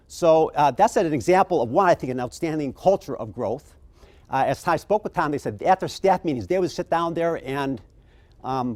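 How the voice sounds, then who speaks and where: Animated man telling stories at a keynote. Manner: animated, acts out quoted people with big pitch jumps. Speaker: keynote speaker. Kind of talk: conference keynote storytelling.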